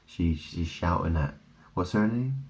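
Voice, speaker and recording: Brief: low, dark-toned man, slow rambling talk, dull lo-fi recording. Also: lively intonation. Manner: rambling, wandering wordplay, trailing off. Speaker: vlogger. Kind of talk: rambling monologue.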